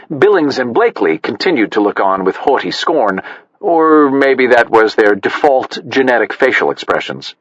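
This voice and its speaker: Husky, lively male audiobook narrator. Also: fairly low pitch, moderate pace, no echo. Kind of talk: scripted narration. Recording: dull, dry, slightly muffled.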